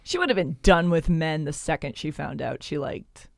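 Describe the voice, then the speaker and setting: A woman chatting as a podcast guest, talking freely with lots of "like" and quick asides. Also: deep voice, gravelly, no echo, studio quality. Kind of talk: casual podcast chat.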